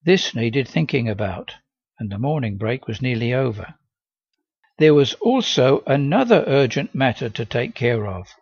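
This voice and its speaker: A man reads a first-person story with a gravelly, husky voice and a lively, rising and falling delivery. The recording is dry and a bit muffled, with no room sound. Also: mid-range voice, normal speed, dry recording. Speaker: audiobook reader. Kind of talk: first-person novel reading.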